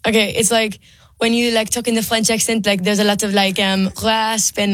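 A woman's voice: medium pitch, little pitch movement, normal speed, no echo. A young woman, a singer-songwriter guest, talking chattily with lots of "like" fillers. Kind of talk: casual interview chat.

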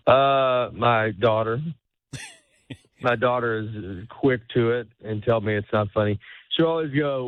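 A man, a comedian guest, chats loosely in an interview, stopping and restarting his thoughts and laughing easily. The sound is thin and phone-like, with no room around it. His pitch sits in the middle range. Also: a little slow, no echo. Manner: rambling, self-interrupting, laughs often. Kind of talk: casual interview chat. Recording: tinny phone-like line.

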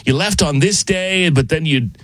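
An American man telling a long, animated story in casual podcast chat, acting out the dialogue and laughing as he goes. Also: on the high side, moderate pace, no echo. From United States.

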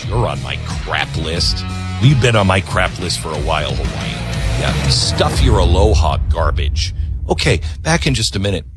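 Animated, ranting talk radio host man. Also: low voice, moderate pace, music in the background.

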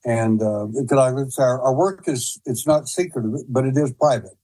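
A man's voice: medium pitch, normal speed, mellow, slightly rough, poor audio. A man who is a guest on a talk show, telling rambling stories with many hesitations and restarts. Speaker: guest investigator. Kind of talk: casual storytelling.

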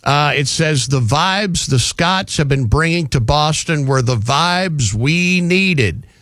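A man's voice: on the high side, lively intonation, slow pace, a bit bright, no room sound. A man hosting a talk radio show, delivering mocking, sarcastic commentary on a studio microphone.

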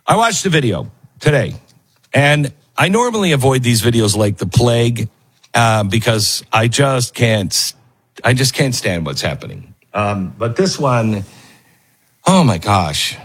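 A man's voice: medium pitch, very animated, measured pace, breathy edge. A man hosting a talk show, speaking earnestly and emphatically and repeating phrases for stress. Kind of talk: radio talk monologue.

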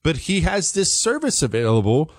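A man's voice: on the high side, very animated, moderate pace, no echo, clean studio sound. A man hosting an opinionated political monologue, talking emphatically and repeating himself as he builds his points. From United States. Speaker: political commentary host.

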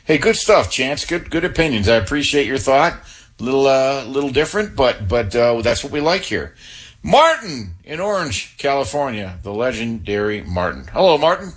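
Affable sports radio host, slightly husky. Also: male voice, medium pitch, sing-song. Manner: affable, quick restarts and stammers. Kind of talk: casual call-in chat.

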